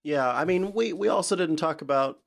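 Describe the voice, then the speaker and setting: A man's voice: fairly high pitch, a little fast, creaky. A man co-hosting a podcast in casual chat, playful and giggly, slipping into joking voices. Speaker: podcast co-host.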